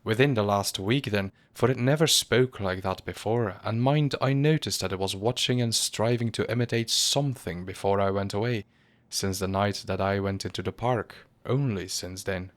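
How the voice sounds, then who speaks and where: In a storybook reading, a man gives voice to an irritable, agitated male professor using a high, sharp, insistent tone. The voice sounds natural and moves at a normal speed.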